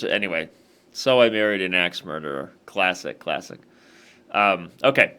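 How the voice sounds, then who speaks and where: A man's voice: deep voice, animated, moderate pace, sharp tone, clean tone. A man hosting an online chess game, thinking aloud through his moves in a casual, analytical way and talking straight to the viewers.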